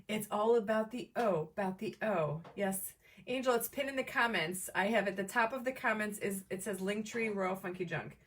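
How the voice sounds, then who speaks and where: A woman hosting a live crafting demo from home, chatting with viewers by name in an excitable, chatty way. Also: mid-range voice, moderate pace, far from the mic. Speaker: crafting livestream host. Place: home craft table, camera on tripod.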